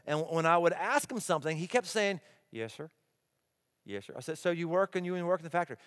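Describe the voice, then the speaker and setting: A middle-aged male pastor preaching to a church crowd, his slightly high voice climbing and dropping as he acts out the people in his stories. The sermon rings through a large hall with a long tail of reverb. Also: fast talker. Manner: animated, emphatic, acts out quoted people.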